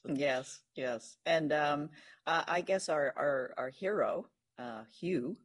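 A man's voice: a little high, slow. A man co-hosting a podcast, chatting casually and enthusiastically about an old radio drama, with frequent fillers. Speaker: podcast co-host.

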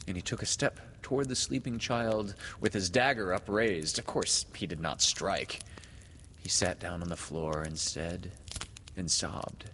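A man reading a storybook aloud in a slow, expressive way. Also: deep voice. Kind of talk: storybook narration read aloud. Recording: long hall reverb, faint noise.

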